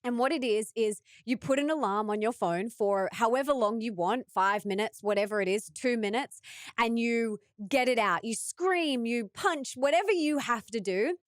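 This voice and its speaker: A woman's voice: fairly high pitch, normal speed, no echo, clean studio sound. A woman with an Australian accent hosting an interview, responding enthusiastically. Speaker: host. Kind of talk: conversational interview.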